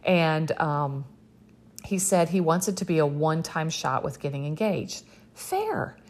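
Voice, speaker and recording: A woman's voice: low voice, normal speed, a little mellow. A young woman hosting a podcast, recapping a show in a chatty, sarcastic way with lots of fillers. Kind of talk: casual chat.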